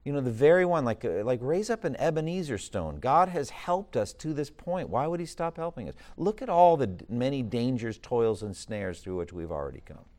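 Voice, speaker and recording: A man's voice: mid-range voice, animated, moderate pace, few pauses, darkish tone. A man teaching a class, reading an old text aloud with emphatic swells, then stopping to ask questions and explain it.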